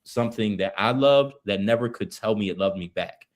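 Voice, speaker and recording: A man's voice: lowish voice, a little fast. A man speaking as an interview guest, earnest and open, in casual slang.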